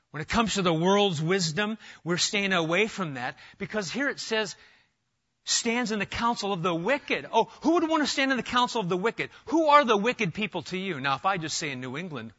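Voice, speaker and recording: A man's voice: on the high side, pushed and bright. A man from Nebraska preaching a sermon as pastor, emphatic, with rhetorical questions and repeated phrases. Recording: dull lo-fi sermon recording.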